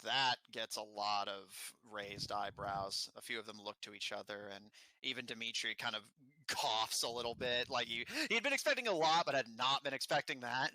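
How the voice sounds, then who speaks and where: A man narrating a tabletop game as game master, relaxed with frequent fillers. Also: on the low side, normal speed, no room sound, poor audio.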